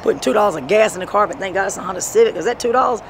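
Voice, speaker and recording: A woman telling rambling, profane stories in a street interview, breaking into shouts. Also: mid-range voice, racing. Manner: profane, animated storytelling with sudden shouts. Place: outdoors on a city street. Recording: street noise and passing traffic.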